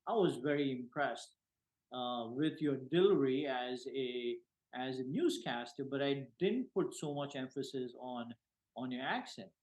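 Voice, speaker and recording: A man hosts an interview, putting questions to his guest in plain, unhurried phrasing. His voice sits at a middle pitch. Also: a little mellow, rough recording. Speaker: interview host. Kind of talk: casual interview talk.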